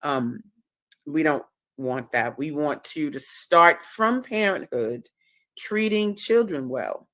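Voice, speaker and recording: Low-voiced emphatic woman host. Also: lively intonation, slow, a bit bright, no echo. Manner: emphatic, preachy, repeats words for stress. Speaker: host and author. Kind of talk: casual livestream talk.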